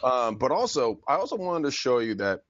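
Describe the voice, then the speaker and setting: A man's voice: mid-range voice, big pitch swings, brisk, a bit bright, no room sound, highs cut off. A man co-hosting a podcast in casual chat, brash and profane, laughing often. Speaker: podcast co-host.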